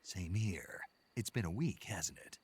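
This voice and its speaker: An actor playing a gruff, terse male soldier spy in a video game, with a gravelly voice. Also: sits low, measured pace, darkish tone, heavily acted.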